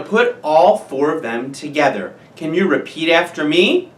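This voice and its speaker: A woman's voice: low voice, sing-song, a little slow. A woman teaching children a music lesson, patient and guiding them to repeat after her. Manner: patient, demonstrates each voice type. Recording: roomy room from a distance.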